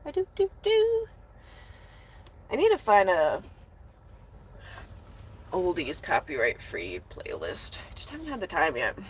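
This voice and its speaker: Young woman from the US, casual livestream talk, dry sarcasm at the chat, phone mic in a van with a faint hum behind, slow pace, fairly high pitch. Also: huge pitch swings. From United States. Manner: sarcastic, talks back to chat; coos at her dog. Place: inside her van.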